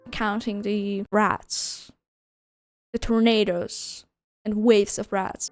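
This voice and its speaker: A young woman with a slightly high voice raves about a game in a loose, casual review. She swears freely and laughs between thoughts, and faint music plays underneath. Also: darkish tone. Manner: gushing, swears and laughs often.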